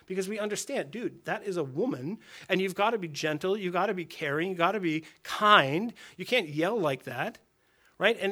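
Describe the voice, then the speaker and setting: A man's voice: a little high, fairly bright tone. A man preaching to a group of men, conversational, with rhetorical questions and phrases said twice. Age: adult with a daughter and wife. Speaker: pastor. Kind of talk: sermon to a men's gathering.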